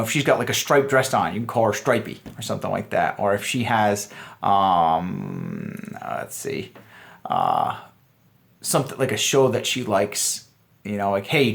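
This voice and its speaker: A man's voice: medium pitch, a bit bright. A man, a dating coach, giving a loose, rambling instructional talk full of fillers and restarts. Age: adult.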